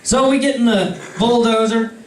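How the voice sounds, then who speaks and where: A young man with a very high-pitched voice tells friends a rambling anecdote in an indoor room, swearing freely at a moderate pace with fairly even intonation. The recording is roomy, with a distant mic and faint ambience.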